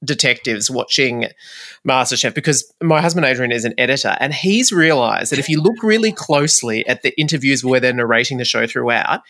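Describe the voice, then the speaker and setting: Australian woman, podcast co-host, bright tone, playful banter. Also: rumbling low, fairly quick. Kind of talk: casual chat.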